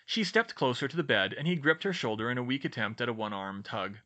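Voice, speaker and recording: A man narrating a fan-fiction audiobook in a clear, steady storytelling manner. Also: medium pitch, fast talker.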